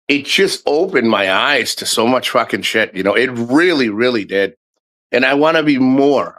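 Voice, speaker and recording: A man's voice: medium pitch, a bit bright, poor audio. A middle-aged man talks through a loose livestream monologue in an ordinary mid-range voice. He rambles and cusses freely, speaking candidly to his viewers. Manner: candid, rambling, swears often. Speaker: livestream host.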